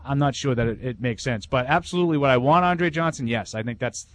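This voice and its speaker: A man's voice: medium pitch, lively intonation, quick pace, fairly bright tone, no room sound. A man with a Boston accent, co-hosting a sports talk radio show and giving opinions in casual chat. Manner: opinionated, thinks aloud with restarts.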